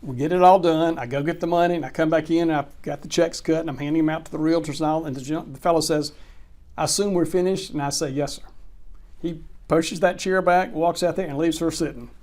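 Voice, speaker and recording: Brief: male closing attorney, animated interview storyteller who voices each character. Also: a little high, fast. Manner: animated anecdote teller, acts out quoted dialogue. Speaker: real estate closing attorney.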